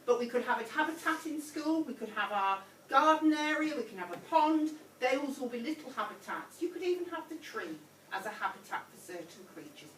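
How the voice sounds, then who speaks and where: A woman teacher leading a lively class, encouraging and patient, her fairly high voice bouncing around a roomy classroom. She sounds distant from the camera, with steady room noise behind her. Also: fairly quick, few pauses. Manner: encouraging, repeats prompts, calls pupils sweetheart. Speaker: primary school teacher. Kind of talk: whole-class phonics lesson. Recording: echoey classroom from far off.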